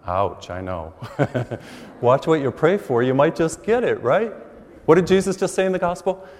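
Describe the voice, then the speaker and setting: A middle-aged man, a priest, preaching a sermon with animated storytelling. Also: on the high side, normal speed. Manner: animated storytelling with acted quotes. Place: large church. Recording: long church reverb.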